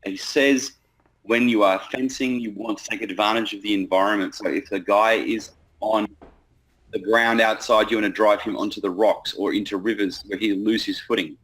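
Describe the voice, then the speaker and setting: Male sales coach, low voice, blunt and sweary, lively delivery. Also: moderate pace, slightly rough, low-quality recording. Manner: blunt, profane, animated. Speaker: sales trainer. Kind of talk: casual coaching talk.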